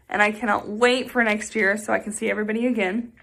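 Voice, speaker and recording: A woman's voice: medium pitch, fairly even intonation, brisk, gravelly, fairly bright tone. A young woman teaching a music lesson to children at home, chatty and cheerful, often saying y'all.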